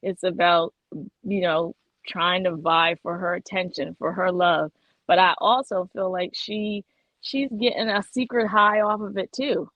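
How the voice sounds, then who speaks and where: A woman's voice: lowish voice, fairly even intonation, a little slow, no echo. Emphatic woman panelist, insistent, dull lo-fi sound, dry. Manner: emphatic, insistent, talks over others. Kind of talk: opinionated casual debate. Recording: dull lo-fi online audio.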